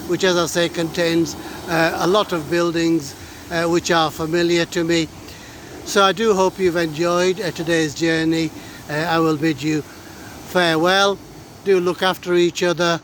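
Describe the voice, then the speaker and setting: A man's voice: a little high, a bit bright. A middle-aged man, out of breath, giving a hesitant, filler-heavy walking tour of local streets while talking to his viewers. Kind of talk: casual walking commentary. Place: outdoors on town streets. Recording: faint street and traffic noise.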